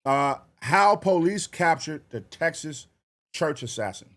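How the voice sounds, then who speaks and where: A man hosting a casual livestream, talking loose and slangy and half-singing shout-outs to viewers. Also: on the high side, animated, a little slow. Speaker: livestream reaction host. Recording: hip hop music playing behind.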